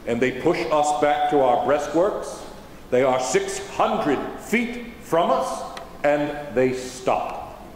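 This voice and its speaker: A man's voice: on the high side, lively intonation, slow pace, roomy sound, in a large hall, a little hiss or hum, low-quality recording. A man interpreting a historical general on stage, speaking in formal eighteenth-century phrasing, recorded in a large auditorium. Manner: formal 18th-century diction. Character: General George Washington, dignified older statesman. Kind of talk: first-person historical portrayal.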